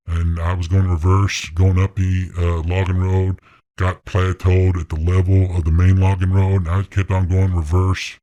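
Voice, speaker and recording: A middle-aged man, an interview guest, telling his hunting story in a blunt, excited way and swearing freely. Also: low voice, no room sound. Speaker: interview guest, deer hunter. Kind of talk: casual storytelling.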